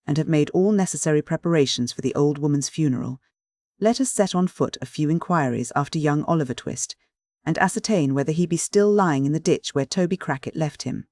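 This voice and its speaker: A man narrating a classic novel as an audiobook in a measured, even storytelling manner. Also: fairly high pitch, no echo, clean studio sound.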